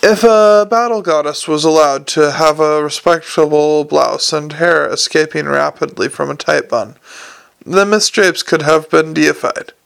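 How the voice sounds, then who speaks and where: A man narrating a novel aloud in a wry, measured reading with occasional slips. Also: a little high, gravelly, fairly bright tone, smooth, low-quality recording. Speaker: audiobook narrator.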